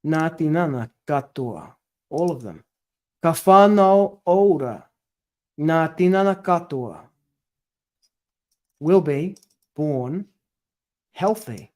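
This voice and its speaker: A man's voice: a little high, expressive, takes it slowly, long pauses, a little mellow. A man working through a translation aloud, tentative and self-correcting as he muses over each word. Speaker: scripture study presenter.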